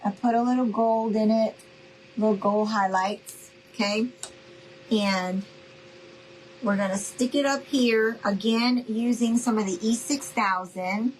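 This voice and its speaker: A woman's voice: fairly high pitch, fairly even intonation, a little slow, slight background noise, low-quality recording. Chatty New woman crafting. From New Orleans, Louisiana. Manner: chatty, affectionate, calls viewers y'all and honey. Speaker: craft livestream host. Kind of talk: casual livestream chat while crafting.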